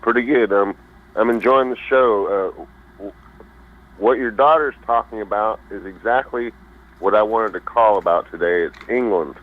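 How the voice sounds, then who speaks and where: A man calling in to a radio talk show, rambling in a folksy way and pausing to search for his words. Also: on the low side. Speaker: caller. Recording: phone-line call.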